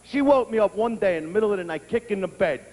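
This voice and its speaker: A man doing a stand-up comedy set, brash and profane, often breaking into shouts. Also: sits high, animated, quick pace. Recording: long reverb, faint background noise.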